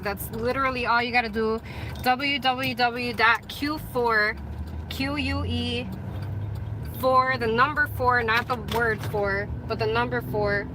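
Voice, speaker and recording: A woman's voice: fairly high pitch, sharp tone, slight background noise, poor audio. A woman chatting casually to her viewers as a vlogger and radio host, rambling with apologetic asides, filmed on a phone inside a car. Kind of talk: casual vlog chat.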